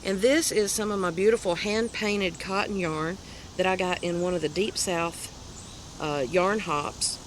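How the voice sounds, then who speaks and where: A woman's voice: on the low side, fairly bright tone. Southern woman host, chatty show-and-tell, laughs at herself, faint noise behind. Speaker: crochet podcast host. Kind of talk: casual show-and-tell chat.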